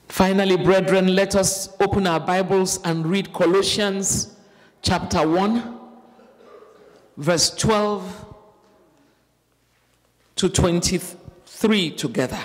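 A woman pastor leading prayer and scripture reading with a slow, fervent, repetitive cadence. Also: on the low side, steady tone, big-room sound.

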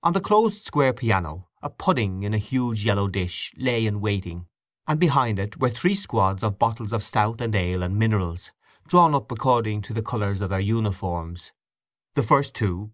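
With a fairly low pitch, a man narrates an audiobook, reading the script in a measured yet expressive manner. The studio recording is clean and dry.

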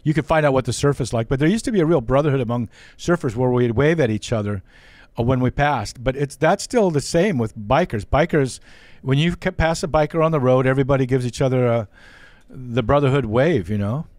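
A man hosting a radio show, chatting in a relaxed, loose way. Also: mid-range voice, fairly quick, no echo. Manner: relaxed, loose, with Hawaiian greetings. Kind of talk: casual radio interview chat.

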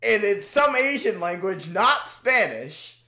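A young adult host giving casual, animated commentary on old videos. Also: medium pitch, takes it slowly. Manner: animated, laughing, exclaiming. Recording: echoey room.

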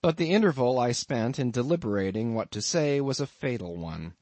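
A man narrating an audiobook in an expressive, dramatic reading. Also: medium pitch, normal speed, dry recording.

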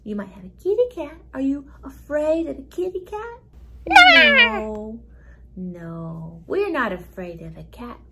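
A preschool music teacher, a woman, talking playfully to young children in a gentle sing-song way, often repeating her words. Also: sits high, very animated, normal speed, creaky, few pauses, heavy background noise.

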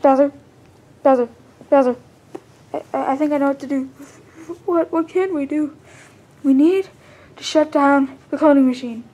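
High-pitched stammering woman voicing a skit. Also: moderate pace, warm tone. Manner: stammering, hesitant restarts. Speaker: fan video maker voicing all characters. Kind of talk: comedic fan skit voicing.

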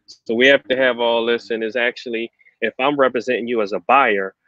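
A man's voice: mid-range voice, steady tone, brisk, a bit bright, no room sound. A man, a realtor guest, plainly explaining procedures in an interview. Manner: plain, matter-of-fact explaining. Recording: dry, dull lo-fi sound.

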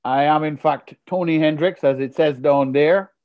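A Jamaican man doing stand-up comedy with a playful, punning delivery. His voice sits fairly high for a man. It comes through a muffled video call. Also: moderate pace. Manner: playful, punning, animated storytelling.

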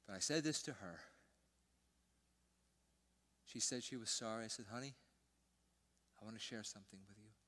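An older man preaching a sermon as pastor, telling a personal story and swinging between loud emphasis and hushed, almost whispered lines. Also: on the low side, normal speed, pauses often. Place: church sanctuary.

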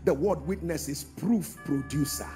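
A man preaching a sermon in a large church, calling out to the congregation and swinging from hushed tones to shouts. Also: a little high, a little slow, soft background music. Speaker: pastor.

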